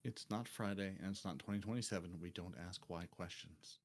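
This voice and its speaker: A man co-hosting a gaming podcast with deadpan joking asides in casual chat. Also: deep voice, fairly quick. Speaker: podcast co-host.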